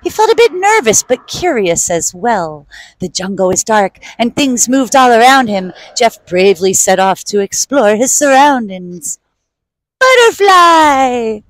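A woman reading a children's picture book aloud outdoors in an animated, playful way. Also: medium pitch, normal speed, no echo, rough recording.

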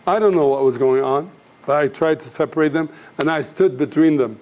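A man's voice: fairly high pitch, fairly quick, a little mellow. A man teaching a class, speaking earnestly and directly to his students, telling stories and acting out the people in them. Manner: storytelling, acts out voices in anecdotes. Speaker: missions teacher.

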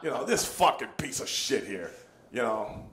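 A man's voice: medium pitch, sing-song, moderate pace, a bit bright. A man telling a story in casual chat, laughing and acting out the people he quotes. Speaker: show host telling a story.

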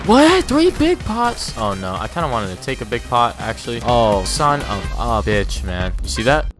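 Brief: young gaming host, swooping lively voice, cursing and self-mocking over background music. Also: male voice, mid-range voice, normal speed. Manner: profane, excitable, self-mocking banter. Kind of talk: gameplay commentary.

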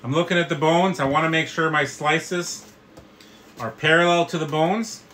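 A middle-aged man teaches a live barbecue class in a bright, clear, rather high voice. He explains each step to his viewers in a friendly, chatty way. A faint outdoor hum sits behind him. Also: steady tone, moderate pace, low-quality recording. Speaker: barbecue instructor and host. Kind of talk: live cooking tutorial.

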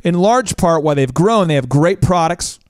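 A man from Oklahoma, hosting a business coaching show, talks fast and animated, joking and mimicking voices. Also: a little high, dry recording, clean studio sound. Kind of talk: energetic instructional talk.

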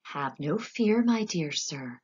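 A woman voicing an eccentric, cheerful male candy maker in a storybook reading, with quick, exclamatory, bubbly delivery. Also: fairly low pitch, sing-song, fairly bright tone, husky, highs cut off, full character voice. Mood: breezy. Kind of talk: storybook character voice.

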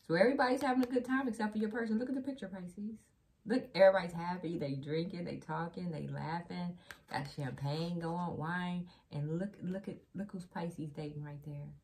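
Chatty woman tarot reader, lowish voice. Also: darkish tone, slight background noise. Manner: chatty, repeats phrases, addresses the viewer directly. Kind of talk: casual tarot reading to camera.

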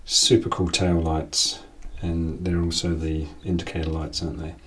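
A man's voice: low voice, flat delivery, normal speed, fairly bright tone. A man, hosting a casual collecting vlog as an enthusiastic, chatty storyteller. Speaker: collector and channel host. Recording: distant from the mic.

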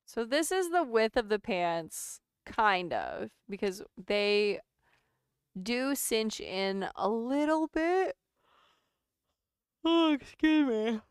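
Woman host of a sewing livestream, unhurried, smooth and bouncy in pitch, close and dry. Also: sing-song, dry recording. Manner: chatty, laughs often, reads chat aloud. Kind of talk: casual livestream chat.

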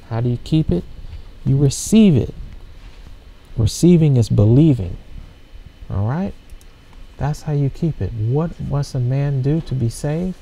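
Slow gravelly-voiced man teaching scripture. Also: medium pitch, mellow, low-quality recording. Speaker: preacher leading a scripture study. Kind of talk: informal bible teaching, reading verses and explaining them.

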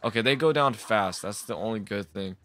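A man's voice: on the low side, brisk, a little hiss or hum. A man giving casual commentary while playing a game, jumpy and exasperated, often swearing and laughing. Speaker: let's play gamer.

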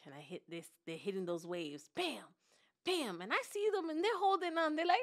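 A podcast co-host with a very high, expressive voice tells a story at normal speed in an animated chat. She dramatizes it, imitating other people's voices and laughing along the way.

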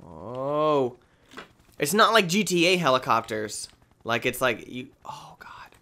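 A man hosting a gaming video, talking through his play in an excitable, exclamatory, rambling way. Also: medium pitch, slow pace, creaky. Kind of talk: let's play commentary.

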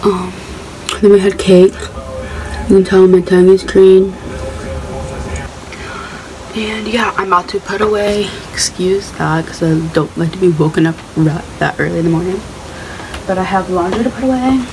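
A woman's voice: mid-range voice, moderate pace, pauses often, noisy background. Rambling young woman vlogging on a phone. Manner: rambling, many fillers like "um" and "like". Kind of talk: casual vlog chat. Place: at home and in her car. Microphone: handheld phone.

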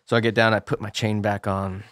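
Laid-back deep-voiced man telling stories. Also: little pitch movement, brisk, fairly bright tone, no room sound, studio quality. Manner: laid-back, swears casually, trails off with "you know". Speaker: podcast guest, former racer. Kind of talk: casual storytelling chat.

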